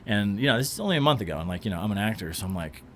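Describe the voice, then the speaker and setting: A man and actor, a podcast guest, telling an animated story in casual chat and acting out what people said. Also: on the low side, rapid-fire, slight background noise. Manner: animated anecdote-telling, acts out quotes.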